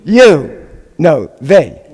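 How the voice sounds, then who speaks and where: A man's voice: a little high, very animated, drawn-out words, darkish tone, husky. A man, a rabbi, teaching a live Hebrew class, drilling sounds with the students and making joking asides. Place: congregation classroom. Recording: long reverb in a hall.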